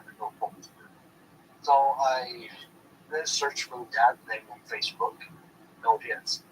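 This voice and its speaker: A man's voice: mid-range voice, fairly bright tone, far from the mic, a little hiss or hum, low-quality recording. A man telling a long personal story in a rambling, earnest way during a casual talk. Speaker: candidate.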